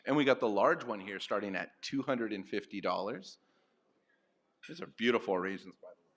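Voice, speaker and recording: A man speaking at a charity luncheon, making a donation appeal and then running a playful live auction with rapid bid calls. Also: lowish voice, lively intonation, a bit bright. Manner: upbeat, rapid auction calls with self-deprecating asides. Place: banquet hall at a luncheon.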